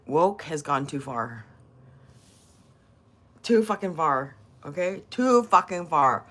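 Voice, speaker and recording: Lively, bright-voiced older woman streamer. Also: low-pitched, takes it slowly, long pauses. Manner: crude, teasing, laughs often, swears freely. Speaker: livestreamer reading chat. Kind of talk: casual livestream chat.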